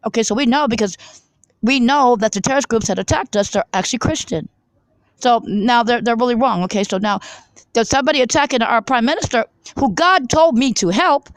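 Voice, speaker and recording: A woman with a high voice rushes through a rambling monologue to her viewers. She is fervent and keeps restarting and repeating words. The recording is dry with almost no room sound. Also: no echo, rough recording. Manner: fervent, repetitive, many restarts and stammered repeats. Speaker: vlogger. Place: coffee shop.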